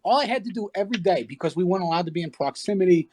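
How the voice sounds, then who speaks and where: High-voiced man telling a profane story. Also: racing. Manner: animated, profane, acts out quoted voices. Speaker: regular speaker in a gaming chat. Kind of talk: casual storytelling. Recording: online voice chat.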